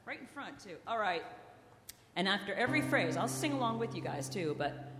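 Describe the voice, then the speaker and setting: A very animated woman singer with a medium pitch talks at normal speed between songs, teasing and coaxing the concert crowd with playful jokes. Her stage microphone carries through an echoey live hall where music is playing.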